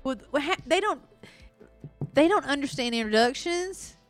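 A woman co-host with a high, swooping voice that bounces all over, trading crude and rowdy jokes. She sounds loud and tipsy. Her dry, close desk mic sits over faint music. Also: animated, normal speed, no room sound. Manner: loud, bawdy, laughing, drunk-sounding. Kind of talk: crude comedic banter.

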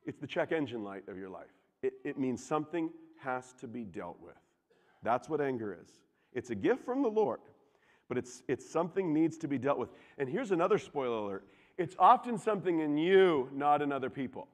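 A man preaching a sermon, animated and jokey, asking the congregation questions. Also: medium pitch, brisk. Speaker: pastor. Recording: reverberant hall.

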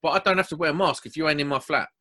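A young man tells a story on a casual podcast, blunt and animated. His voice has a bright, forceful edge. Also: fairly high pitch, rapid-fire. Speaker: podcast host.

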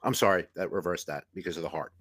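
A middle-aged man with a New York accent, a longtime EMT co-hosting a casual podcast, plainspoken and animated. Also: sits low, fast talker. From New York City.

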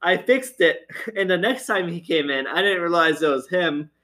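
A man's voice: on the high side, expressive, normal speed, sharp tone. A man telling stories from his time as a grocery store cashier in a chatty way, laughing often and using plenty of fillers. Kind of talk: casual storytelling chat.

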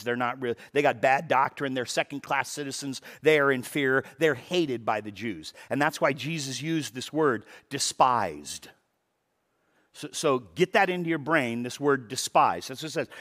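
A male pastor preaching a sermon with animated delivery, dropping to hushed tones and rising to loud emphatic bursts, often repeating words for emphasis. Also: medium pitch. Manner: repeats words for emphasis, breaks into quoted dialogue.

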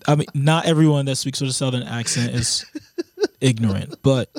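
A man's voice: medium pitch, normal speed, a little mellow, no room sound. A man co-hosting a sports podcast, talking bluntly and profanely in casual chat. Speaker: podcast co-host.

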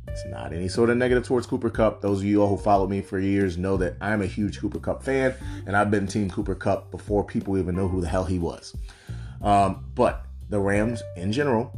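A man's voice: low voice, darkish tone. A man giving loose, conversational solo commentary on football draft picks, with frequent asides. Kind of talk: casual solo sports commentary.

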